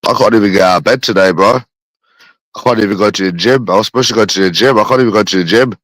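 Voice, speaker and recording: A London man with a phlegmy cough rants fast in a repetitive, rambling, profane casual monologue. His voice is on the low side and a bit bright, with no echo, on a rough recording.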